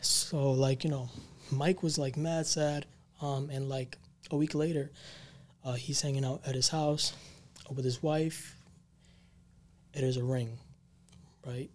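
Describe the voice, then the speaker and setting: A man hosting a casual paranormal podcast, telling a ghost story in an unhurried, meandering way. His speech is loose and slangy, packed with fillers. His voice sits at an ordinary middle pitch. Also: fairly even intonation, a little mellow. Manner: rambling, filler-heavy, slangy. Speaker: podcast co-host.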